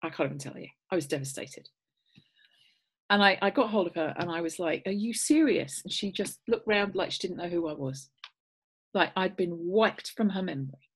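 A woman, a guest course leader, telling an animated story on a video call and dropping to a whisper at tender moments. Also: lowish voice, normal speed, slightly rough. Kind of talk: storytelling on a webinar.

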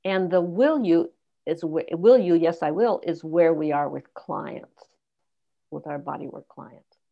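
A woman educator explaining a concept in conversation, deliberately teaching through example questions. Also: deep voice, creaky. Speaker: consent educator and guest. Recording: dull lo-fi audio.

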